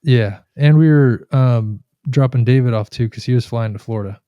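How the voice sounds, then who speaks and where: A man's voice: mid-range voice, moderate pace, smooth, no echo, highs cut off. A man co-hosting a podcast, telling long rambling travel stories in casual chat and acting out the people in them. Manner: rambling storyteller, animated retellings. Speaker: podcast co-host.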